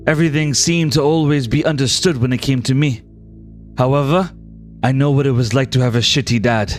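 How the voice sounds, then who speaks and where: A man voicing a charming, gentle nobleman in a tabletop game, with a put-on French accent and a soft, reassuring manner. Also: mid-range voice, natural voice.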